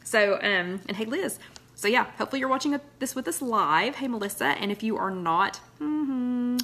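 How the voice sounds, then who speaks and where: A woman's voice: a little high, expressive, normal speed, a bit bright. Woman, live-stream host, casual, rambling, home loft. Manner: chatty, rambling greetings to viewers by name. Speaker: host of a live weight-loss chat.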